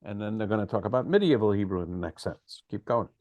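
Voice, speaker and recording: A man's voice: on the low side, expressive, fast talker, dry recording, phone-quality sound. Man explaining, with hesitant fillers. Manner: explains at length, corrects pronunciation, hesitant fillers. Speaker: teacher leading the discussion. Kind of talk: explanatory study session.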